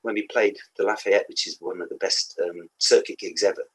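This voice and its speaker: Older Black Country musician, husky and low, rambling and anecdotal. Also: male voice, fairly even intonation, fairly quick, fairly bright tone, poor audio. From England. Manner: rambling anecdotes with laughs and asides. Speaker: guest musician. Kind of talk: casual podcast interview.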